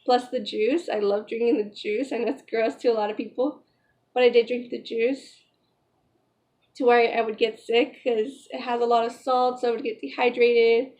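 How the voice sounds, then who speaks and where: High-voiced young woman telling a story. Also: steady tone, moderate pace, a little mellow. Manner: chatty, emotional, filler-heavy retelling. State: pregnant. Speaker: vlogger. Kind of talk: casual storytelling vlog.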